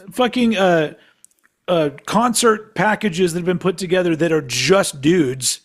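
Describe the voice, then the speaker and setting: Man, husky voice, fairly high pitch, rambling casual podcast chat, swears a lot, laughs often. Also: measured pace. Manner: rambling, tangent-prone, swears freely; laughs often while talking. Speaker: podcast co-host.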